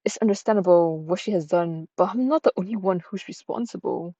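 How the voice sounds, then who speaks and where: A woman's voice: lowish voice, a little fast, warm tone, no echo, dull audio, natural voice. A woman reading as a heartbroken cursed young woman. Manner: tearful, self-pitying confession.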